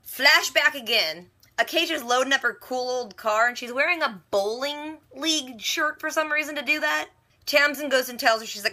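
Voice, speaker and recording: A young woman casually recapping a TV episode, paraphrasing the characters in quick quoted asides. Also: high-pitched, pushed and bright. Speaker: reaction video host.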